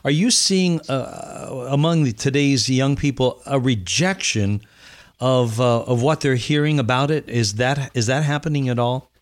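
A man hosts a conversational interview. He asks his questions in a measured, reflective way, pausing to think as he goes. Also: mid-range voice. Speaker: interview host.

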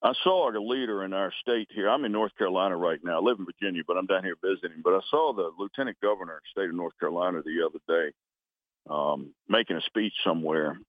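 A man in his sixties, a retired military officer, giving earnest, halting interview answers over a phone call and closing each one with "over". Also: sits low, dry recording. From United States. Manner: earnest, halting, frequent restarts, says "over" after answers. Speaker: retired Coast Guard vice admiral, guest. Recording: tinny phone line.

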